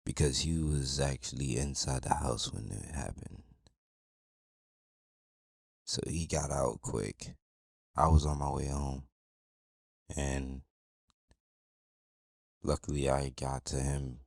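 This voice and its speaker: A man guests on a podcast and chats in a relaxed, playful way full of slang. His voice is extremely deep and gravelly. The sound is dry and close. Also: takes it slowly, pauses often, no echo. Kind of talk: casual podcast chat.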